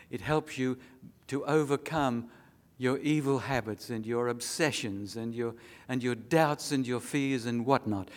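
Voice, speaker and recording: Earnest male preacher telling a story. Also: mid-range voice. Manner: earnest storytelling, emphatic appeals. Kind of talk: sermon.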